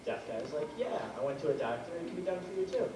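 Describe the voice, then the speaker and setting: A man's voice: a little high, lively intonation, fast. A young man in his late teens emceeing a school variety show, telling a joke and acting out the voices in it. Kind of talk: stage comedy banter and joke telling. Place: school auditorium stage. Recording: echoey hall from far off, noisy.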